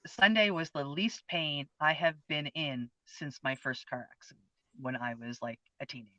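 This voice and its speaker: A woman's voice: deep voice, moderate pace, bright, forceful tone, no echo. A woman in her fifties co-hosting a casual chat, telling a personal experience in an earnest, open, heartfelt way. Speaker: co-host. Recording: dull lo-fi, dry sound.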